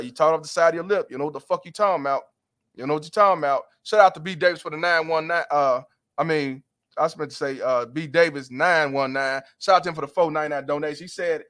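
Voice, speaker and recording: A man's voice: on the high side, fairly bright tone. A man hosting a livestream, ranting bluntly and profanely in heated commentary. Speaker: livestream host.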